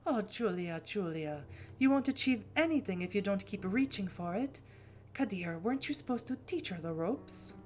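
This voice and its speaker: A woman voicing a poised female vampire elder who speaks graciously and gently chides. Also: mid-range voice, animated, moderate pace, lightly acted.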